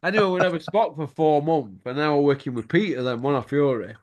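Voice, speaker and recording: Swearing boxing host. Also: male voice, on the high side, quick pace, muffled recording. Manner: swears freely, laughs mid-story. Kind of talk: casual storytelling chat.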